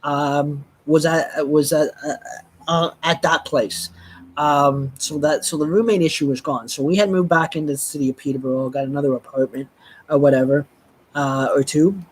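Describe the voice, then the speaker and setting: A live streamer telling a personal story in a rambling, halting way, with frequent restarts and blunt swearing. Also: medium pitch, steady tone, slight background noise.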